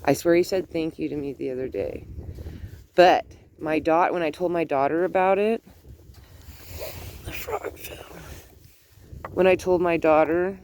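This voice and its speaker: A woman's voice: sits low, unhurried, pauses often, a little mellow, slight background noise. An older woman, a grandmother, chatting casually on her vlog outdoors, telling a family story with laughs and asides. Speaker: vlogger. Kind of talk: casual chat.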